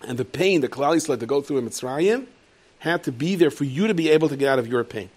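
A man giving a lively Torah lecture as a rabbi, jumping into high, loud voices when he tells stories. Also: quick pace. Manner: lively storyteller, leaps into high shouted voices for characters. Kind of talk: animated Torah lecture with storytelling.

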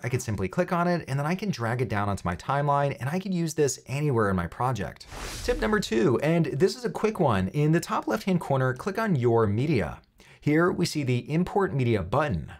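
A man hosting a software tutorial, walking through steps in an upbeat, explaining way with light jokes. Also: mid-range voice. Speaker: tutorial host.

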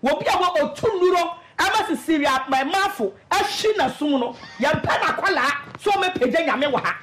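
High, animated Ghanaian woman host. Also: a little hiss or hum. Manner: emphatic, scolding, laughing now and then. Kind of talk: animated commentary.

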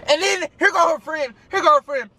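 Speaking a little fast in an extremely high-pitched voice, a male vlogger eats while casually telling a story. He animatedly acts out each quote and keeps the talk loose and chatty, with plenty of fillers.

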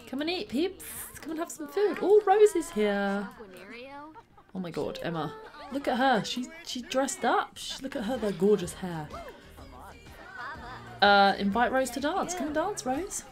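A woman hosting let's play commentary, bubbly and excitable, sometimes dropping into soft whispers. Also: high-pitched, unhurried, faint music behind. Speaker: gaming channel host.

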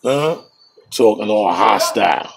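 A man's voice: fairly low pitch, expressive, slow pace, gravelly, noisy background. A man streaming a game and trading profane, boastful taunts, breaking into laughter at his own jokes. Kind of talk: trash-talking commentary over a game.

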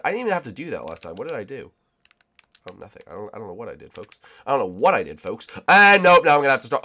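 A young man giving excitable, rambling commentary as he plays a game with friends, often shouting "oh, baby". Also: mid-range voice, quick pace. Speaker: gaming YouTuber. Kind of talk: excited let's-play commentary.

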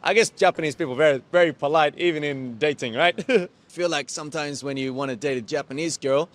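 A man's voice: on the high side, a little fast. A young man from Australia with an Australian accent, chatting easily in a street interview and laughing often. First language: English. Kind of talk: casual interview answers.

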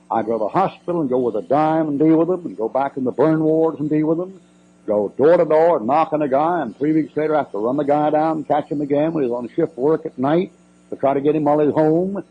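A man's voice: mid-range voice, a little hiss or hum. An older man, a preacher answering questions in a church Q&A, folksy, blunt and emphatic with joking asides, on a muffled old cassette recording.

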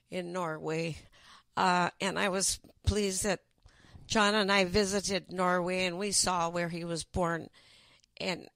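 An older woman reading her own memoir aloud in a gentle, unhurried storytelling way, then chatting about it. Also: fairly low pitch, no echo. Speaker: author.

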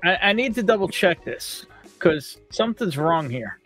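A man's voice: high-pitched, big pitch swings, normal speed, a bit bright, faint music behind. A man hosting a casual group show, running polls and looking things up with a wry manner. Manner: wry, running the poll and searches. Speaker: host.

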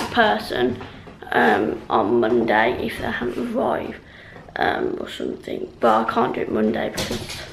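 A woman's voice: mid-range voice, gravelly, noisy background. A woman chatting at home in a casual, rambling vlog, full of ums and restarts. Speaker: vlogger.

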